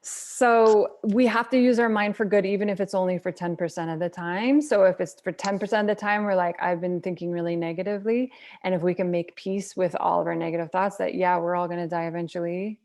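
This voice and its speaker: A woman's voice: on the low side, fairly even intonation, a little fast, hardly any pauses, darkish tone. A woman from the United States, a holistic health practitioner, giving earnest, blunt advice in casual conversation and swearing freely.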